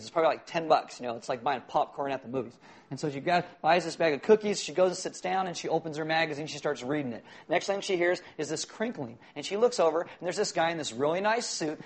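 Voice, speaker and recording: A middle-aged male pastor giving a sermon in a conversational, joking way, asking the congregation questions. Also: a little high. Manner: conversational, jokey preaching with audience questions.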